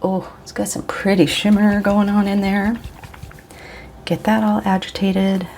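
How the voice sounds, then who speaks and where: A woman's voice: medium pitch, flat delivery, unhurried, a little mellow, slight background noise. A woman in her forties chatting casually and rambling a little as she tries out inks for her vlog. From Pacific Northwest of the US. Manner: chatty, rambling, self-interrupting. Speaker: vlogger. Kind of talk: casual chat while swatching inks.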